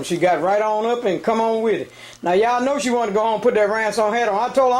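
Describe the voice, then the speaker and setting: Brief: male street-show host, high voice, breathless, chatty, calls out to viewers. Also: quick pace. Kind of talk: casual on-location interview.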